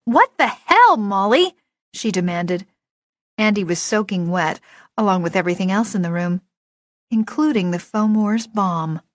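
A woman narrating a first-person novel in a lively, expressive storytelling voice. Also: on the low side, no echo, clean studio sound. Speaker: audiobook narrator.

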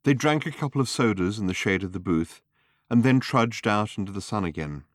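Deep, dry male audiobook narrator, measured and wry. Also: lively intonation, no room sound.

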